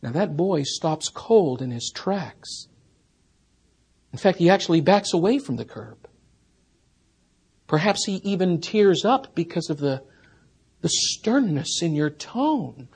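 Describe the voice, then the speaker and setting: A man preaching an expository sermon as a pastor, earnest, rising to emphatic peaks and then dropping soft. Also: a little high, very animated, slow, vocal fry, pauses often, breathy edge.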